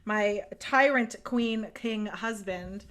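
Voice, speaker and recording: Woman podcast host, bright forward voice, enthusiastic and casual, swears freely and laughs easily. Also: mid-range voice, takes it slowly. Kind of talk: casual interview chat.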